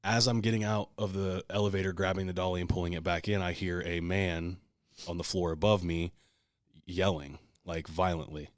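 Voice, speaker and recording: A man's voice: sits low, flat delivery, normal speed, no room sound, clean studio sound. A man co-hosting a podcast, telling a long story in casual, profane, heated talk. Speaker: podcast co-host.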